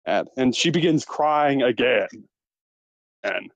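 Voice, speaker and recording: A man's voice: mid-range voice, lively intonation, slow pace, dry recording, highs cut off. A man narrating a tabletop game as game master, hesitant with many fillers.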